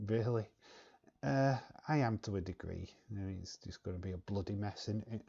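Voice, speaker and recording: A man with a London accent hosts a relaxed home live stream, chatting with viewers and humming idly between comments. His voice sits low and gravelly with a mellow tone, and the audio comes through dull and lo-fi. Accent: London English. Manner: chatty, laughs often, fills pauses with humming. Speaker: wrestling live-stream host. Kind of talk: casual live-stream chat reading comments. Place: living room at home, lit by a video light.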